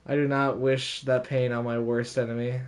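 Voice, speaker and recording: A young man casually telling a story, animated, with frequent laughs and lots of fillers. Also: medium pitch, moderate pace.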